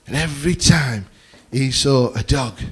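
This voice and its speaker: A man's voice: mid-range voice, unhurried, a bit bright, slightly rough. A man doing a rambling stand-up set, swearing freely and chatting with the crowd from a comedy club stage.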